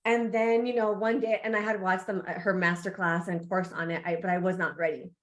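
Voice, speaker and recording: A woman speaks as a guest on a podcast, telling a candid personal story at an ordinary mid pitch. She talks in an animated way, laughs often and acts out her reactions. She sounds like a coach sharing her own experience. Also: a little fast.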